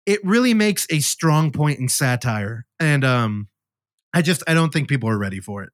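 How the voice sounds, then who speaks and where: Casting note: male podcast host, casual and rambling, with a lively voice in a dry, close recording. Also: mid-range voice, normal speed, dry recording. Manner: rambling storyteller, animated retelling. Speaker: podcast host reviewing films. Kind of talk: casual chat.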